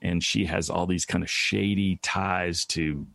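A man chatting casually and comedically, riffing on ideas with quick mock voices. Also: low-pitched, steady tone, gravelly, fairly bright tone, no room sound. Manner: joking, riffs into brief mock voices.

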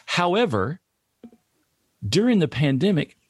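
A man co-hosting a casual podcast chat, riffing on ideas in an animated way and swearing. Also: fairly high pitch, measured pace, dry recording. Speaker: podcast co-host.

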